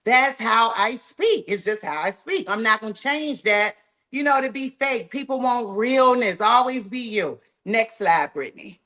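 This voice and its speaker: A woman with a Southern US drawl leads a live training call, talking to her group in a folksy, plain way. Her voice sits a touch high, and she sounds energetic and encouraging. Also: a little slow. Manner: folksy, talks straight to the group, says "y'all" often. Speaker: sales trainer.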